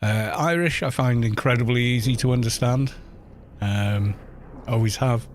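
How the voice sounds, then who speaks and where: A man's voice: medium pitch, a little slow, slight background noise. A middle-aged man with a London accent, chatting in a rambling way with viewers while he streams a game. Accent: London English. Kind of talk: casual chat while gaming.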